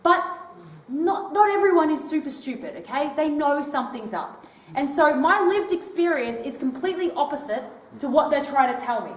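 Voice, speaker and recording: A woman with a high voice chats her way through a talk to a live crowd, tossing in little tag questions as she goes. She sounds set back from the mic, and her voice rings around a roomy hall. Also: animated, normal speed. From Australia. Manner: chatty, peppers sentences with tag questions like "right?". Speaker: touring public speaker. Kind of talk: casual speech to a live audience. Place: old library hall, indoors. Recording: echoey hall, voice from far off.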